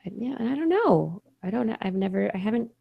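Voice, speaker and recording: A woman's voice: mid-range voice, expressive, a little fast, vocal fry, husky, no room sound, highs cut off. A woman co-hosting a science podcast, chatting casually, laughing often and trailing off mid-thought. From Oregon, USA. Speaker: podcast co-host. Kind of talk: casual chat.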